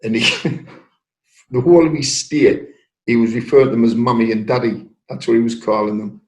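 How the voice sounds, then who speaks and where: A man's voice: medium pitch, moderate pace, background noise. Older North East English man telling a story. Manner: lively storyteller acting out quoted voices. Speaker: interviewee. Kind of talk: anecdotal storytelling. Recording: roomy echo.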